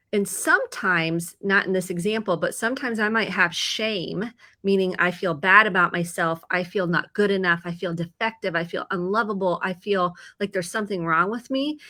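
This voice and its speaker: Bright, calm woman therapist on a video call. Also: medium pitch. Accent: Midwestern American. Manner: calm, explanatory, acts out inner thoughts. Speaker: therapist guest. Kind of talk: casual video chat.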